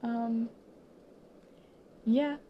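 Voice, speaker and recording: A young woman in her late teens who attends high school speaks to viewers in a teary, choked-up way, her monologue halting and emotional, full of pauses and recurring whispers. Her intonation is fairly even, and the lo-fi sound carries slight background noise.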